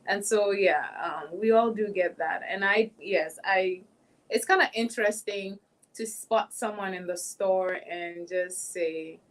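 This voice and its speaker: A woman's voice: fairly low pitch, moderate pace, rough recording. A woman speaking as a panel guest, sharing anecdotes in an emphatic, storytelling way. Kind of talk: casual panel talk.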